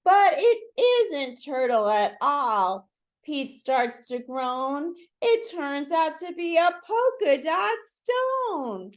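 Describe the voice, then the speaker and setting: A woman reading a picture book aloud to children, pausing to ask listeners to fill in the words. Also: high-pitched, very animated. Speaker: children's story reader.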